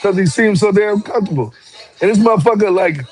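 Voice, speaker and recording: A man's voice: high voice, fairly quick. Man, swearing a lot, casual storytelling, gets heated. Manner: profane, animated storytelling with heated outbursts. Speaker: former truck driver telling a story. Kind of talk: casual storytelling on a live stream.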